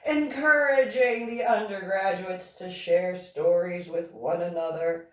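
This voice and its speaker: A woman, an author, reading her own novel aloud slowly and deliberately. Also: a little mellow. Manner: slow, deliberate reading with a wide pitch swing. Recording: echoey room, far from mic.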